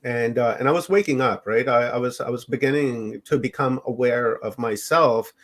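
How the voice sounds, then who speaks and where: A middle-aged man from Canada, a podcast guest recounting his own experiences in a loose, unhurried way. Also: medium pitch. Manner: unhurried, rambling storytelling. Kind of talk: personal storytelling in an interview.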